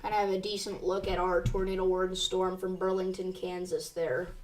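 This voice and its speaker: A woman's voice: fairly low pitch, level tone, brisk, far from the mic. Woman giving urgent live storm coverage. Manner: urgent, reads warnings aloud, addresses viewers as you guys. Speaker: severe weather livestream host.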